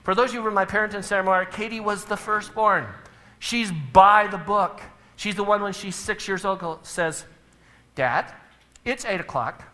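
A man's voice: high-pitched, fairly even intonation, fairly quick, pushed and bright. A middle-aged man speaking to a live audience, telling humorous family stories and acting out the scenes with big swings in his voice.

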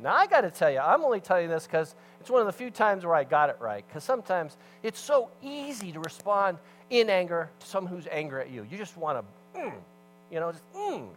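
A man preaching a sermon as pastor, telling a story with animated swings between loud emphasis and hushed asides. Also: fairly high pitch, a little hiss or hum, rough recording.

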